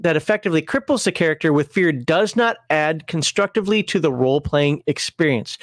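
Man, middle-aged, slightly high voice, animated storyteller, laughs at himself, dry close recording. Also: no room sound. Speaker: host explaining game rules. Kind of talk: casual explanatory talk with a personal story.

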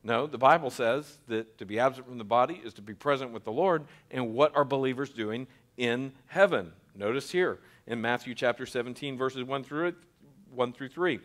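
A man's voice: medium pitch, fairly bright tone. A man, a pastor, giving an earnest teaching sermon in a church, stressing key words and often restarting his phrases. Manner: earnest, emphatic, with frequent restarts and slowed stresses. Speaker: pastor teaching a Bible class.

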